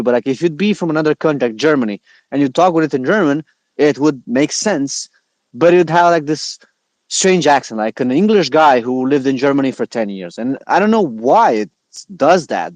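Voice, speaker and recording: A man talking casually as a podcast guest, relaxed and joking, with many fillers. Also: mid-range voice, a little fast, dry recording. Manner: relaxed, jokey, uses many filler likes.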